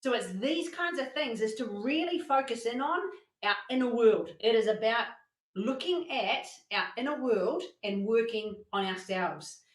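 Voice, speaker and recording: A woman presenting a motivational masterclass, telling stories in an animated way and acting out the quotes. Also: fairly high pitch, measured pace, roomy sound, poor audio. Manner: animated storytelling with acted-out quotes. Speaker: workshop presenter.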